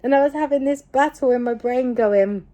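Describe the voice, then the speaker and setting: A woman's voice: high voice, brisk. A woman, telling a personal story in a casual, emphatic way, repeating phrases for weight. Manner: emphatic, repetitive, animated retelling. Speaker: vlogger.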